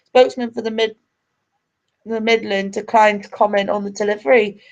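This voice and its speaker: A woman's voice: medium pitch, steady tone, moderate pace, vocal fry, muffled recording. Ranty, sweary woman. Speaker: livestream host. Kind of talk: ranting live stream.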